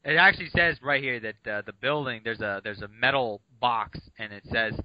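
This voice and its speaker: A man's voice: mid-range voice, normal speed, dry recording, lo-fi sound. A man co-hosting a podcast, chatting casually and playfully about a novel, easily sidetracked. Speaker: podcast co-host. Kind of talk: casual book discussion.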